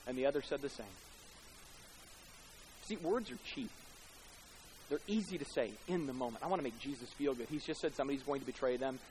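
A man preaching a sermon, swinging from loud emphatic bursts to hushed tender passages, with casual conversational asides. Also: medium pitch, a little fast, long pauses, slight background noise, rough recording. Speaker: pastor. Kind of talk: expository sermon.

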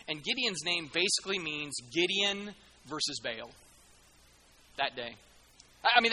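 A man preaching with a high, very bright voice, lively and joking as he acts out the people in the story. His words ring out with a long hall reverb behind them. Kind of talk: sermon.

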